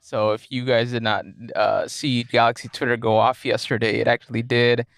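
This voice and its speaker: Gravelly, easygoing man chatting sports. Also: mid-range voice, little pitch movement, a bit bright, no room sound. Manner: halting, many fillers and restarts, easygoing. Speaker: podcast co-host. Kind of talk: casual sports chat.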